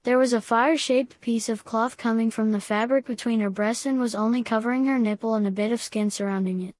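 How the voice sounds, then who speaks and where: A woman reads a first-person story aloud at a steady, even pace. Her voice sits a little high, and it is recorded close up with no room sound at all. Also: a little fast, no room sound. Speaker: audiobook reader.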